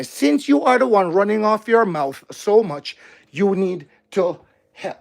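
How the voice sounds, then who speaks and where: A man's voice: high-pitched, very animated, a little slow, gravelly. Ranting Jamaican man vlogger. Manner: frustrated, ranting, repetitive. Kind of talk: heated monologue to camera. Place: indoor room.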